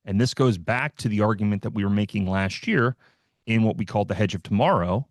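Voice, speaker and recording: A man with a fairly low voice hosts a live trading stream. He talks through the market in a loose, joking way, full of fillers and asides. The sound is dry, with no room echo at all. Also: fairly quick. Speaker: host of a trading livestream. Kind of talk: casual live market commentary.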